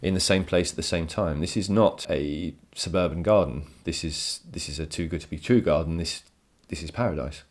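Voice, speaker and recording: A man with a very low voice talks through a poem for his students. He explains with enthusiasm and repeats words as he works out each point. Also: normal speed, hardly any pauses. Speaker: teacher. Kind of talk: recorded poetry lesson. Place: home.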